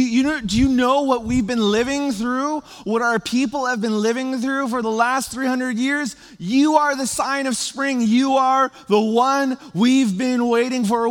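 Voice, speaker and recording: A man's voice: very high-pitched, big-room sound, voice pushed up. A man voicing an overjoyed ancient villager who eagerly hails a prophet, pleading and repeating himself.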